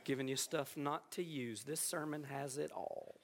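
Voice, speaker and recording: A male pastor delivering an emphatic sermon, repeating phrases and swinging from quiet asides to shouting. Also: fairly high pitch, fairly even intonation, normal speed, a little hiss or hum.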